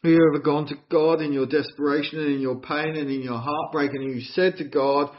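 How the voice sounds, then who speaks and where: A man preaching a sermon in an earnest, expressive way, asking his listeners questions. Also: mid-range voice, brisk, hardly any pauses. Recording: dull lo-fi recording.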